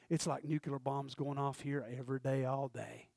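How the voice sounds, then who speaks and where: A man preaching a fervent sermon, moving between loud shouted peaks and quiet, confiding asides. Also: mid-range voice, animated, moderate pace, creaky, dry recording, studio quality. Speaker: pastor.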